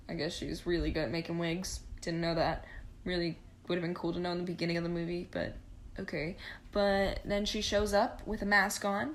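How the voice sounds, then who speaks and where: A woman's voice: lowish voice, slight background noise. A young woman recapping a movie casually, sarcastic, profane and rambling. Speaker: vlogger.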